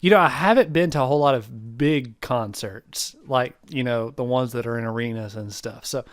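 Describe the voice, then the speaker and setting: A man's voice: mid-range voice, moderate pace, no echo. A young man from the United States, co-hosting a podcast in casual chat, rambling through a reflective story. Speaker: podcast co-host.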